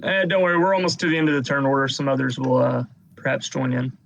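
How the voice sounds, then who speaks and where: A man running a tabletop game as game master, narrating combat turns at an unhurried pace. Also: mid-range voice, gravelly, no room sound, poor audio.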